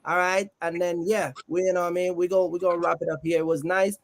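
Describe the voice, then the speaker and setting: This man talks fast in a high, fairly flat voice as he runs a relaxed live-stream chat about a trucking business. He banters with guests and reads viewers' messages aloud in an easygoing way.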